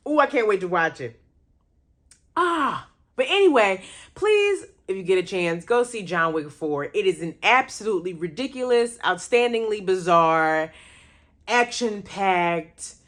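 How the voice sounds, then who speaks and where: A woman's voice: lowish voice, fairly bright tone. A young woman hosting a casual movie chat, reacting to viewer comments with laughter and exclamations. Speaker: radio host reviewing movies.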